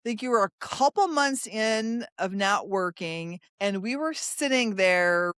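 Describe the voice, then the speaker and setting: A woman's voice: mid-range voice, animated, unhurried, a bit bright, clean tone, dry recording, studio quality. A woman hosting a casual conversation, who thinks aloud as she recalls shared memories and asks follow-up questions. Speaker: podcast host.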